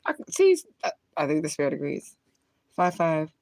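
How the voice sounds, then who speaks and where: A woman's voice: deep voice, huge pitch swings, moderate pace, gravelly, darkish tone, a little hiss or hum. A woman chatting casually on her livestream, rambling and cursing, laughing often as she smokes between thoughts. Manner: talks while lighting and smoking. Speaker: spiritual reader on a livestream.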